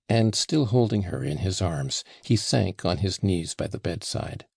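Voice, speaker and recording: A male audiobook narrator reading a classic novel at an unhurried, measured pace. His low voice carries a gravelly, husky texture. The sound is close and dry. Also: animated, darkish tone, dry recording.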